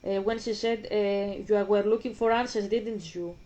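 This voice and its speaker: A woman's voice: medium pitch, fairly even intonation, normal speed, dark tone, rough recording. A woman vlogging about a game, talking emphatically, swearing freely and reading scripture aloud. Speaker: gaming vlogger. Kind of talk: casual vlog commentary.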